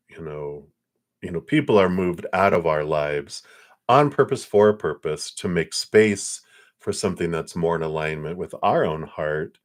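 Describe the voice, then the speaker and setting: Low-voiced gentle man reading tarot. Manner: gentle, reassuring, meandering with frequent fillers. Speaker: psychic tarot reader.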